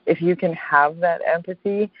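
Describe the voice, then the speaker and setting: A woman's voice: lowish voice, moderate pace, no echo. A woman who writes books, chatting reflectively in casual conversation, laughing often and ending thoughts with "right?". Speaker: podcast co-host, author. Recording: dull lo-fi dry recording.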